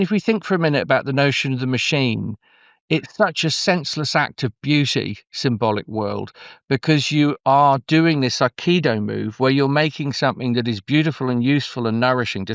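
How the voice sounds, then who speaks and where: A man's voice: mid-range voice, gravelly, dry recording. Rambling middle-aged Englishman, dull lo-fi sound. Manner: meandering, effusive, full of restarts. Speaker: guest storyteller. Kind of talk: conversational interview.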